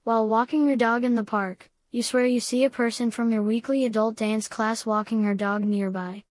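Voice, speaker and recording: Brief: woman narrator, fairly high voice, flat matter-of-fact comic read, dry studio sound. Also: normal speed, no room sound. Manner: calm matter-of-fact delivery of absurd advice. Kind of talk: scripted deadpan comedy narration.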